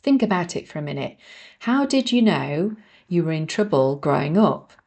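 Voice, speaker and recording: Low-voiced woman reading her own book. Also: sing-song, normal speed, darkish tone. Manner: earnest, addresses listeners as folks, self-deprecating asides. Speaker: author and podcast host.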